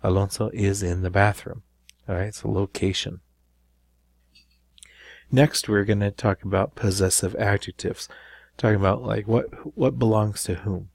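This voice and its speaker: A man with a low voice explains grammar in a recorded lesson. He walks through each point patiently, often pausing to ask "right?". The sound is close and dry. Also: steady tone, gravelly, a little mellow, dry recording. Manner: explanatory, repeats with frequent "right?". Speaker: Spanish teacher.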